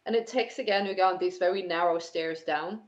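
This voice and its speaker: A woman narrating a tabletop game as game master, describing scenes slowly with many fillers and restarts. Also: on the low side. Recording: dull lo-fi sound.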